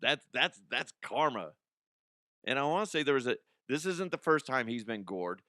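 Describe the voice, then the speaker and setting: A man's voice: mid-range voice, animated, moderate pace, bright, forceful tone, no room sound. Young guy ranting on his comedy news podcast, swears a lot, cracks himself up, dry close mic. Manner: profane, laughing, mocking put-on voices. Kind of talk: casual comedic rant.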